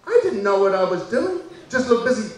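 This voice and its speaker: A man performing a personal story aloud, dramatic and full of pauses, acting out the people in it. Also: high voice, sing-song. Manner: dramatic, acts out voices and pauses. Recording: echoey room from far off with faint background noise.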